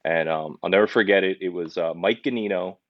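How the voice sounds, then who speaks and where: A man's voice: low voice, brisk, no echo, highs cut off. A young man, a podcast guest who owns a pizzeria, telling his story earnestly in a casual interview, with many restarts.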